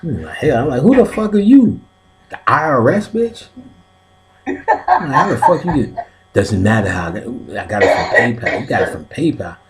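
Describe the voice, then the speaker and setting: A man hosting a casual occult talk, swearing constantly and laughing, jumping between high excited yelps and low mutters. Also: moderate pace. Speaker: host of an occult class stream. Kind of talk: casual profane chat.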